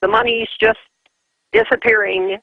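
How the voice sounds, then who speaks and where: A woman's voice: a little high, fairly even intonation, a little slow, creaky, no room sound. Woman calling in over a dull phone line. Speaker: caller.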